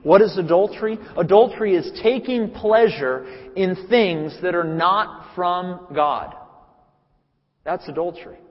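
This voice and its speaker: A man delivers an earnest sermon, driving points home through repetition. His voice sits fairly high for a man. The recording is a little dull and carries the long reverb of a large hall. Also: unhurried. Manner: earnest, emphatic, repeats phrases for weight. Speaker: preacher. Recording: reverberant hall, muffled sound.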